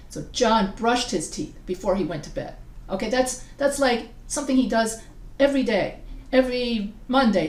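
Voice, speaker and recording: A woman's voice: on the high side, a little mellow. A woman teaching writing in a casual recorded lecture, chatty and digressive, often restarting her sentences. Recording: echoey room sound.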